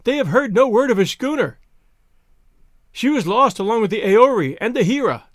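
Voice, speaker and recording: A man voicing an island wife who speaks in a shrill, excited, commanding way. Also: moderate pace, no echo, clean studio sound, full character voice. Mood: scornful.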